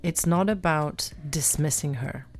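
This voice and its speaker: A woman life coach chatting on a podcast, animated, repeating words and acting out her own self-talk. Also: deep voice, unhurried, faint music behind. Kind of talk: casual podcast chat.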